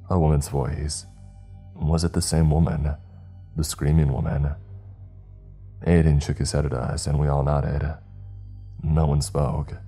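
A man narrating a scary story in a measured, hushed way. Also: rumbling low, flat delivery, breathy edge. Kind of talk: scripted horror narration. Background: faint music.

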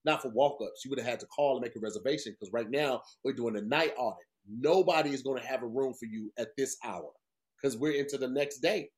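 A man's voice: mid-range voice, fairly quick. A man co-hosting a podcast, telling a long story casually, swearing often and acting out what people said. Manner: profane, animated storytelling with voiced quotes. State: tired. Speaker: podcast co-host.

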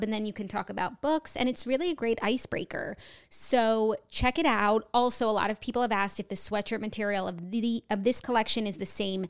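A woman hosts a casual book club podcast, chatting brightly with plenty of fillers. Her voice is smooth and resonant, and her pitch sits in the middle of the range. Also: fairly quick. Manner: chatty, upbeat, lots of fillers. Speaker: podcast host.

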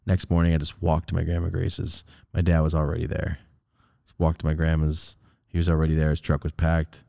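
A young man hosting a podcast, telling a personal story in casual chat, animated, jumping from loud high bursts to low mutters. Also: brisk, dry recording, studio quality. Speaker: podcast host.

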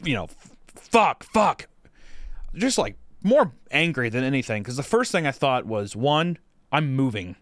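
Young male podcast co-host, mid-pitched, loose rambling storyteller who swears a lot, dry close mic. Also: dry recording. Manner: rambling, heavy swearing, lots of fillers. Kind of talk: casual storytelling.

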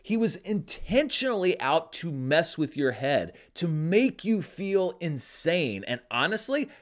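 A man delivering a scripted film review in an animated, wry and incredulous manner. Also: on the high side, measured pace. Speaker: film critic.

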